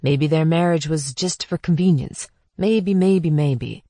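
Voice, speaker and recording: A woman's voice: low-pitched, a little slow, warm tone, dry recording, studio quality. A woman narrator voicing a blunt, pushy middle-aged female friend in an audiobook. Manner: frank, pushy.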